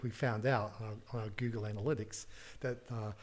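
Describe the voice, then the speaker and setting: A middle-aged man, a tech entrepreneur as interview guest, telling anecdotes with laughs and quick restarts. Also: fairly low pitch, steady tone, slight background noise. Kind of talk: casual storytelling in a podcast interview.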